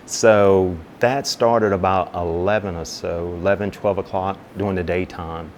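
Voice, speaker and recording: A man with a very low voice tells a personal story in an interview. He is relaxed and chatty and keeps slipping into the voices of the people he talks about. A faint low rumble sits under the recording. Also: unhurried. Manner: animated storyteller who acts out both sides of conversations; relaxed, conversational, with many "you know" asides. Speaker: fire captain and business owner.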